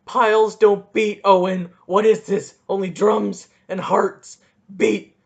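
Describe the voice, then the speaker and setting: A man's voice: high-pitched, level tone, slow, creaky. A young man hosting a solo podcast, ranting and rambling with goofy, self-mocking asides. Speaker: podcast host.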